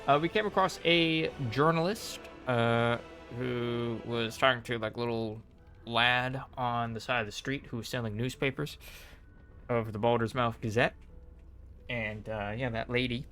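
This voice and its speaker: A man's voice: medium pitch, fairly bright tone. A British man recapping a game on stream in a casual, rambling way, full of fillers and restarts.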